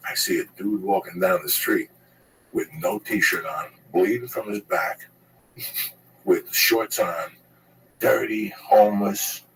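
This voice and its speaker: Gravelly low-voiced man spinning a yarn. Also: a bit bright, distant mic, a little hiss or hum, low-quality recording. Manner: profane, rambling, laughs at his own story. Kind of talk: casual storytelling.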